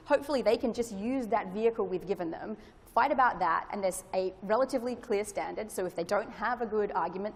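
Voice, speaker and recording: Australian woman presenter, earnest and hopeful, mid-pitched, in a reverberant lecture hall. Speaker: conference presenter, lawyer. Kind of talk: conference presentation. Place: large conference hall.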